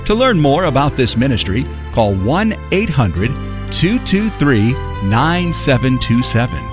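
Measured radio announcer over faint music. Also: male voice, mid-range voice, big pitch swings. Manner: measured, clear read with spelled-out contact details. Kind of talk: scripted broadcast outro.

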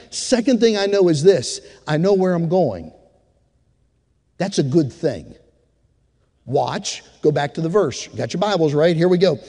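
A man's voice: sits high, lively intonation, brisk, a little mellow, big-room sound. A man preaching a sermon, telling a story and then rising into fervent exhortation to his congregation. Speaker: pastor.

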